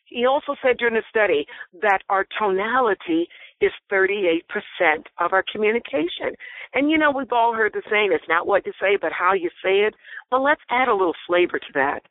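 A woman's voice: mid-range voice, fairly quick, no echo. A woman talks through a tinny, phone-like line that sounds completely dry. She explains things in an emphatic, teacherly way, swinging her voice up and down to drive each point home. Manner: animated, emphatic, teacherly speaking. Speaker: guest speaker on body language. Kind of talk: interview on a phone call.

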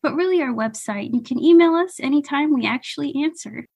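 A woman's voice: sits high, expressive, a little fast, gravelly, a little mellow. A woman founder being interviewed on a podcast, upbeat and enthusiastic about her company. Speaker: startup founder, podcast guest.

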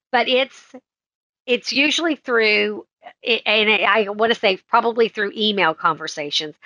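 A woman's voice: medium pitch, pushed and bright, no room sound, highs cut off. A woman guest speaking candidly and reflecting on her own habits. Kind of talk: interview.

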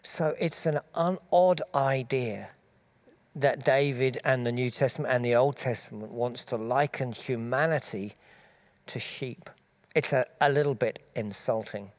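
A man preaching, giving a measured, explanatory Bible teaching talk with small restarts as he thinks aloud. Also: medium pitch.

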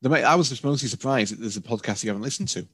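A man's voice: medium pitch, racing, fairly bright tone, slightly rough, no room sound. A man co-hosting a casual podcast, laid-back and slangy. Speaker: podcast co-host.

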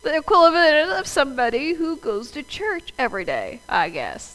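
Lively, high-voiced woman preacher. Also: moderate pace, hardly any pauses, faint music behind, rough recording. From US South. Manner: conversational, addresses the congregation directly. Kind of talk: sermon.

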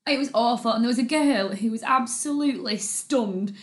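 Chatty woman, higher voice. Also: moderate pace. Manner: chatty, animated storytelling with laughs. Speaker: podcast co-host. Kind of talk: casual chat.

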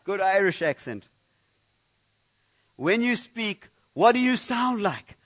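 A man with a high voice preaches a sermon in a church. He talks in a loose, conversational way, often going back to repeat a word before he carries on. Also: very animated, takes it slowly, fairly bright tone. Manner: conversational preaching with frequent restarts and repeated words. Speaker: pastor.

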